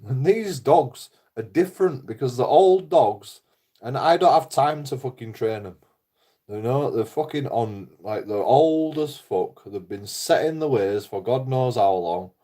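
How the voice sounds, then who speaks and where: An Englishman rambles on in a loose, unscripted monologue, cursing freely and laughing often. His voice sits at an ordinary pitch, with a darker, mellow tone. He comes across blunt and unpolished. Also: lively intonation, measured pace. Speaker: YouTuber.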